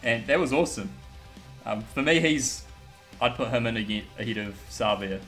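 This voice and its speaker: Young New male guest, mid-pitch, blunt and sweary, faint music behind. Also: expressive, normal speed, fairly bright tone. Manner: blunt, swears, laughs often. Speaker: guest pundit. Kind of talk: casual rugby chat.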